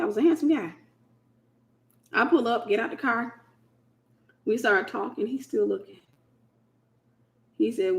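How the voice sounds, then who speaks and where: A woman's voice: mid-range voice, very animated, measured pace, long pauses, a little mellow, lo-fi sound. A woman from the United States hosting a casual Christian teaching talk, speaking in an emphatic, colloquial way and repeating her key phrases. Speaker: host.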